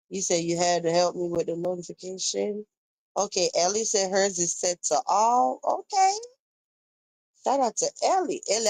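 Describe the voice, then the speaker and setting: A woman's voice: lowish voice, a little mellow, no echo, poor audio. A young woman, chatting casually on a live stream, reacting to viewer comments and retelling gossip. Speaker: livestream host.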